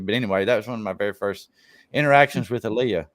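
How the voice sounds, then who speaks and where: A man's voice: fairly low pitch, fast talker, no room sound. A man hosting a casual live-stream chat, telling stories in a laid-back way and swearing freely. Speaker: live stream show host.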